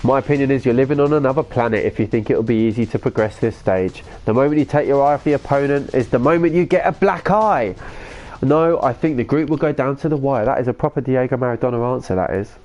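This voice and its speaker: An excitable man chatting casually through a live game stream, jumping up in pitch when something grabs him. He talks to his viewers in a loose, rambling way. Faint music plays behind him. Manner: chatty, excitable, reads viewer comments aloud. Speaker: gaming streamer.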